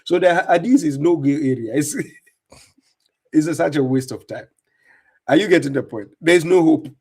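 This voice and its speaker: A man's voice: fairly high pitch, moderate pace, a little mellow, husky. A man hosting a live stream, commenting on clips and talking to viewers in a mocking, insistent way with lots of repetition. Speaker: livestream host reacting to clips.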